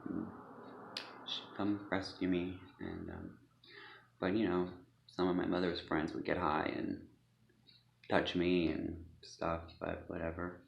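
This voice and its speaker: A man giving a personal testimony, speaking hesitantly with many pauses and fillers, recorded in an echoey, dull room. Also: sits low, vocal fry, a little hiss or hum. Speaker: speaker sharing a personal story.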